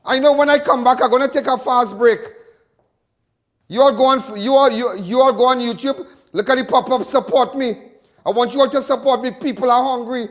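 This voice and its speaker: A man's voice: very high-pitched, brisk. A Trinidadian man hosting a live crime talk show, delivering a fiery monologue full of repetitions and stammered restarts.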